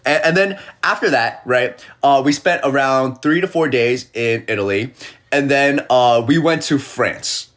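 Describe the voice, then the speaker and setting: A man chatting casually on a phone live stream as an animated storyteller who acts out the people he quotes. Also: medium pitch, unhurried. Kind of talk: casual livestream chat.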